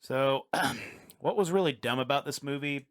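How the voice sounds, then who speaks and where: A man's voice: medium pitch, moderate pace, clear, resonant tone. A man co-hosting a podcast, chatting casually about a movie and recapping its scenes in a rambling, swearing way. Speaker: podcast co-host. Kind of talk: casual movie review chat.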